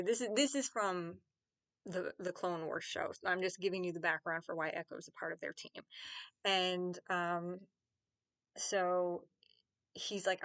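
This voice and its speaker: A woman's voice: lowish voice, pushed and bright, no echo. A woman vlogger chatting casually to camera, rambling, enthusiastic and often correcting herself. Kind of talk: casual fan chat to camera.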